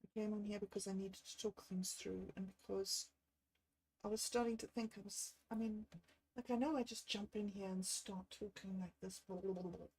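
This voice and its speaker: A woman, talking on a livestream about a bad day. She thinks aloud in a candid, self-deprecating way and sounds low and unwell. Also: fairly even intonation, moderate pace, darkish tone, rough recording. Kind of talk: rambling personal livestream.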